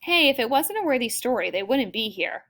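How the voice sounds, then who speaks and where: A woman's voice: a little high, very animated, brisk, fairly bright tone, exaggerated voice. A woman reading as an easygoing teenage boy. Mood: reassuring. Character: teenage boy, friendly and admiring.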